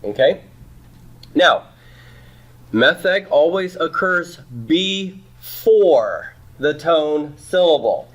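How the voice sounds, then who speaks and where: A man's voice: on the high side, lively intonation, drawn-out words. A middle-aged man teaching a Hebrew grammar class, patient and often checking in with "okay?" and "right?". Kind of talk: classroom lecture.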